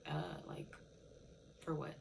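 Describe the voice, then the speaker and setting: A woman's voice: slow, darkish tone, a little hiss or hum, poor audio. A woman telling a rambling, profane storytime rant in casual speech, full of fillers like "it's just like". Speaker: TikTok viewer telling a story.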